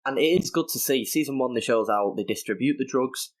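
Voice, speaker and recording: A man's voice: mid-range voice, brisk. British man chatting on a podcast. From Britain. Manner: conversational, loose phrasing with fillers. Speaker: podcast guest. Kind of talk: casual chat.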